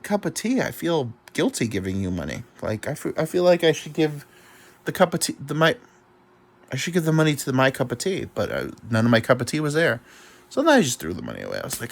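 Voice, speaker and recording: A man's voice: sing-song, a little fast, creaky. A young man hosting a podcast, telling rambling, self-mocking stories in casual chat, full of swearing and mumbled asides. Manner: swoops in pitch, drops to mumbles. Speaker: podcast host. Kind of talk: casual comedic storytelling.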